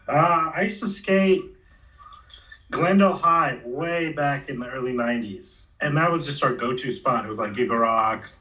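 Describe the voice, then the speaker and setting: In this casual storytelling interview, an ex-pro skater in his forties from around Los Angeles acts out quotes with easygoing slang. He speaks at a moderate pace in a medium-pitched, sharp voice, far from the mic, and the audio is poor.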